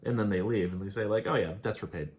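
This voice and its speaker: A man's voice: lowish voice, fast, darkish tone. A man casually recapping and reviewing an episode, rambling and laughing as he paraphrases the characters. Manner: rambling, laughs often, quotes characters offhandedly. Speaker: show host reviewing episodes.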